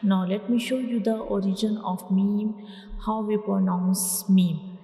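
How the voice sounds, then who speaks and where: Slow, patient woman teaching letters. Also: mid-range voice, fairly even intonation. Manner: patient, repeats each letter sound loudly for learners. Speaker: Quran reading teacher. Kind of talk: slow step-by-step letter lesson. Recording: echoey room with long reverb.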